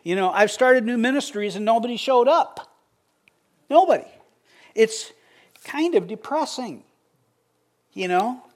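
Man, pastor, middle-aged, high-pitched, conversational sermon, joking with the congregation. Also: expressive, a little slow, pauses often.

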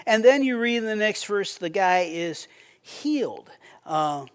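A man's voice: high voice, expressive, unhurried, a bit bright, smooth. A man preaching a sermon in a conversational way, often repeating words as he starts a sentence and acting out quoted prayers. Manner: acts out quoted prayers with a raised voice. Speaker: pastor.

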